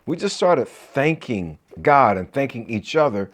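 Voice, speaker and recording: A man's voice: medium pitch, sing-song, a little slow. Middle-aged guy coaching on marriage, preachy call-and-response vibe, medium voice. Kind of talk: encouraging talk to camera.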